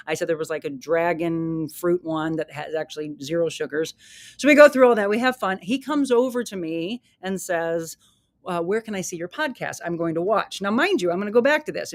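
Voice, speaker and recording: A woman's voice: fairly low pitch, no room sound. A woman hosting her own podcast, telling a story in a chatty, casual way with asides to her listeners. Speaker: podcast host.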